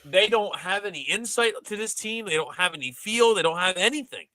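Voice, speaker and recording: A man's voice: high-pitched, animated, a little fast, bright, forceful tone, dry recording, low-quality recording. A man hosting a casual sports podcast, ranting animatedly with exasperation. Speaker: podcast host.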